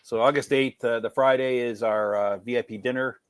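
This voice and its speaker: A man from Canada, a guest on a podcast, telling stories in a plain, measured way. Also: medium pitch, steady tone, smooth. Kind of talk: casual podcast chat.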